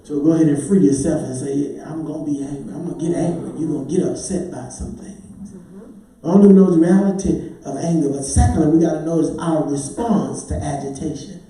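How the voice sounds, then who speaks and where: A man's voice: a little high, brisk, warm tone. A man preaching a sermon as pastor, rhythmic and building to sung, hollered climaxes. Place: large church sanctuary. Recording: echoey church hall, mic at a distance.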